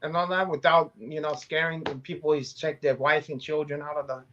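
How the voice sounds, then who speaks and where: A man's voice: a little high, steady tone, fairly quick, bright, forceful tone, highs cut off, slight background noise. A man co-hosting a casual podcast, joking around in a loose, profane way. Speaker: co-host.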